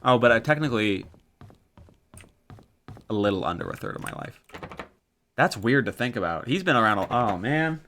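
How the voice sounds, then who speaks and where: Lively-voiced man in his twenties. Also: medium pitch, normal speed, pauses often. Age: 20s. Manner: rambling, swears casually. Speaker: streamer. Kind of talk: casual live-stream gaming chat.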